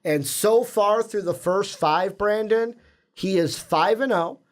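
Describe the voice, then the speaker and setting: A chatty man hosting a casual sports podcast. His voice sits a little high and he rambles along loosely, tripping over names as he goes. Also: slow. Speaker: podcast co-host.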